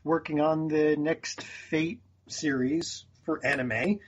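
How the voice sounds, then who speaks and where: A man co-hosting a podcast who throws in quick deadpan quips. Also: fairly high pitch, a little hiss or hum. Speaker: podcast co-host. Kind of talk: casual chat. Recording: dull, lo-fi mic.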